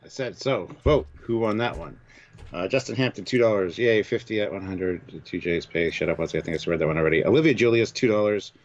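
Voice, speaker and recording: A man's voice: lowish voice, brisk, highs cut off. A man co-hosting a casual chat, reading out votes in a matter-of-fact, dry way. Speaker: podcast co-host running the listener vote.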